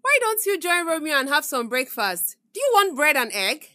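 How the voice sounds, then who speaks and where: Brief: actress as a coaxing, hospitable Nigerian auntie, bright and animated. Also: female voice, sits high, moderate pace, no room sound, exaggerated voice. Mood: friendly. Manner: friendly, coaxing. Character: hospitable female neighbour auntie. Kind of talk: comedy skit acting.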